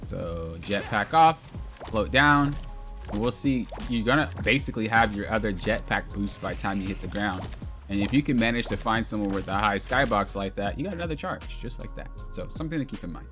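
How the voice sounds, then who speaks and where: Man, game coach, bright and forward tone, casual instructive replay commentary over faint music. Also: on the low side. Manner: instructive, often says "look" and "you see".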